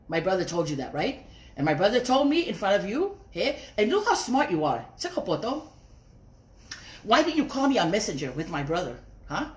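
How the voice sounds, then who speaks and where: Here is an angry woman in a roomy, echoing space, scolding and cursing at someone straight into her phone. She talks at an ordinary middle pitch. She mixes Tongan phrases into her English. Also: sing-song, fairly quick. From raised outside Tonga. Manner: profane, confrontational, scolding. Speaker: social media livestreamer. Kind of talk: angry livestream rant. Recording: roomy echo.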